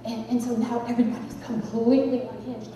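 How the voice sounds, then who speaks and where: High-voiced woman telling a lively story. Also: fast talker. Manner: lively, dramatic, animated. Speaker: psychic, conference speaker. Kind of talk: humorous storytelling talk. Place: large conference hall. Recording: echoey hall, distant mic, background noise.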